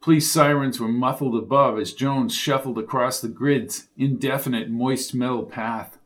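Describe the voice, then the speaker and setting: A man reads a crime thriller aloud, keeping the action moving at a steady pace. His voice sits in a middle register, and his storytelling is plain and driving. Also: mid-range voice, moderate pace, few pauses. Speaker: audiobook narrator. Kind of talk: scripted thriller narration.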